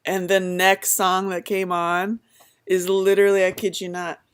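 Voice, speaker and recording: A woman's voice: medium pitch, a little slow, smooth. A woman in her thirties, casually telling her birth story and acting out the voices of the people in it. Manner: animated, acts out voices in quoted lines.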